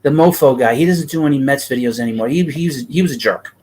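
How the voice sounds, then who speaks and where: A man's voice: medium pitch, quick pace, darkish tone, slight background noise, rough recording. A middle-aged man with a thick New York accent, hosting a baseball livestream and talking bluntly and ramblingly to his chat.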